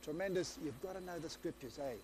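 An excitable male preacher whose voice sits high but has a soft, mellow tone. He retells scripture as an eager story, tripping over and restarting phrases as he goes. A faint hum and light noise run under his voice. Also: fast. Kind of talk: sermon.

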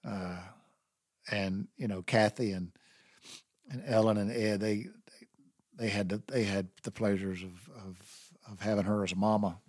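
A man's voice: on the low side, fairly even intonation, unhurried, pauses often, a little mellow, no echo. Middle-aged Southern man, dry close sound, rambling heartfelt storyteller. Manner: rambling and heartfelt, with many restarts. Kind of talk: personal storytelling.

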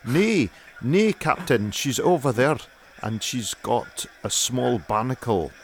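A man's voice: medium pitch, big pitch swings, takes it slowly, slight background noise, voice pushed up. A man doing a hammy Scottish sailor. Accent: put-on Scottish. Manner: hammy, theatrical. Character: Scottish sailor man reporting to his captain.

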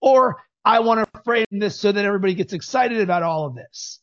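Upbeat, high-voiced male podcast host. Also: lively intonation, fairly quick, a bit bright, lo-fi sound. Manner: upbeat, emphatic, coaching tone. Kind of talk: energetic podcast conversation.

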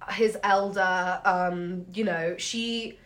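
A woman's voice: fairly low pitch, fairly even intonation, slow. A woman co-hosting a casual history podcast, chatty and full of fillers, often laughing as she talks. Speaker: podcast co-host.

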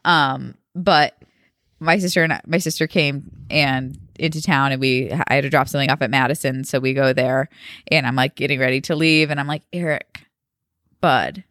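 A woman's voice: a bass voice, fairly even intonation, fairly quick, a bit bright, no room sound, clean studio sound. A woman in her thirties co-hosting a podcast, chatting casually, rambling and laughing often. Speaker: podcast co-host. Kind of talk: casual chat.

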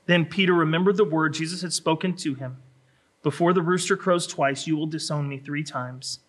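A man preaching a sermon, acting out scripture in a dramatic voice that drops low and rises to a shout. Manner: dramatic voicing of scripture, swinging from hushed to shouting. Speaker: pastor.

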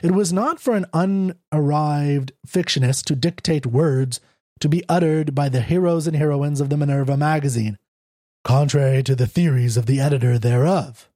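A man narrating a classic short story in a measured, low tone. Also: dark tone, dry recording, studio quality. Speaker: audiobook narrator.

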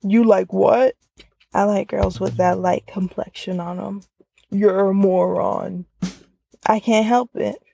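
A woman's voice: medium pitch, creaky, dark tone, dry recording. A woman doing a casual guy-voice impression of two grown men bantering, recorded in a car. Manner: mock-macho guy voice impression. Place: inside a parked car.

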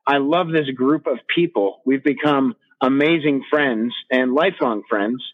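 A man's voice: medium pitch, a little slow. Fired-up swearing man, lo-fi sound. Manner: fired-up, swears freely, ranting. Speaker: podcast co-host and coach. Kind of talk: casual podcast chat.

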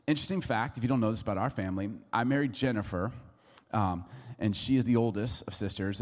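A man's voice: fairly low pitch, darkish tone. A middle-aged male pastor preaching a sermon with humorous storytelling, joking and laughing often. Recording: long reverb of a large hall.

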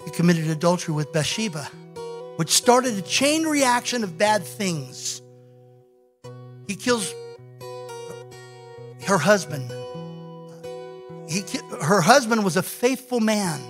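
A male pastor preaching a sermon, telling a scripture story in an animated way and acting out the quoted lines. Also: high-pitched, slow pace, long pauses, soft background music.

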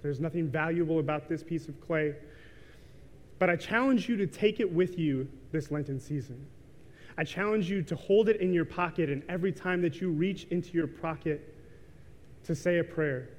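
This is a thirties-aged man delivering a sermon, his voice a touch high and a little mellow, moving at ordinary speed. Recorded in an echoing church hall, he relates a story loosely, peppered with likes and ums.

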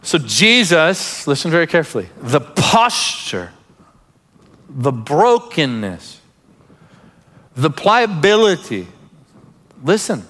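A man's voice: on the high side, very animated, slow pace, pauses often, a bit bright, long reverb tail. A man preaching a sermon as pastor, emphatic, breaking into laughing asides and urging listeners to pay attention.

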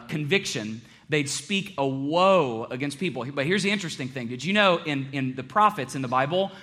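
A man preaching a sermon to a congregation, joking one moment and hushed and earnest the next. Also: fairly high pitch. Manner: animated, joking, with big swings between loud and hushed. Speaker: pastor.

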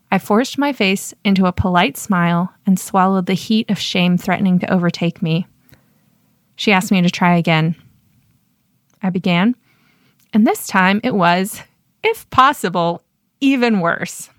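Woman host, scripted personal storytelling, measured and wry, dry close sound. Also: medium pitch, no room sound. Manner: measured, self-deprecating storyteller. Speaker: podcast host.

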